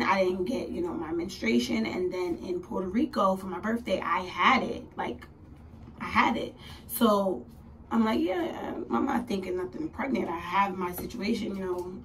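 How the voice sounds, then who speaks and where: A young woman vlogging, telling a story in a chatty, animated way, dropping to whispers and rising to laughing squeals as she acts out what people said. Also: mid-range voice. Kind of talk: casual storytelling. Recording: a little distant from the mic, faint room noise.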